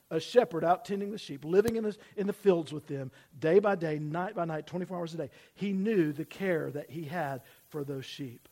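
Male preacher, higher-pitched voice, dynamic sermon delivery with loud peaks and soft drops. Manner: preaching with sudden loud emphasis and drops to near-whisper; asks the congregation to repeat phrases. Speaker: pastor. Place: church building.

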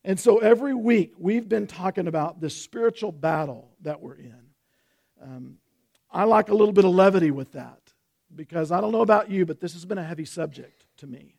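A man's voice: sits high, brisk, vocal fry, darkish tone. A man in his fifties, a pastor, preaching in a folksy, conversational way with frequent restarts. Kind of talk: sermon.

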